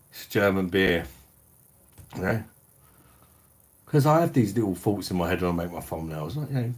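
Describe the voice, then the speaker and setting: A deep-voiced British man, middle-aged, hosting a casual beer livestream from home. He talks bluntly, peppers his chat with swearing and slang, and answers viewer comments as they come in. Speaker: beer review livestream host.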